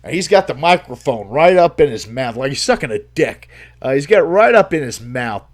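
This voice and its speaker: A man's voice: medium pitch, big pitch swings, fairly quick. A man hosting a livestream, telling a story in a casual, profane way, swearing freely and laughing as he goes. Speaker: livestream host.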